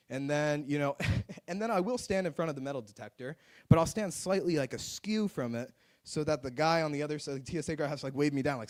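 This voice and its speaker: A man's voice: a little high, quick pace, darkish tone. A young man doing open mic stand-up comedy on a club stage, rambling and self-mocking, with lots of "like.". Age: young adult. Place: live music club stage.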